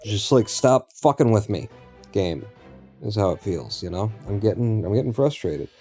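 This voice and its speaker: A man's voice: on the low side, expressive, normal speed, dark tone, faint music behind. A man streaming a game live, talking to himself and the game in a rambling, profane way. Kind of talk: live gameplay commentary.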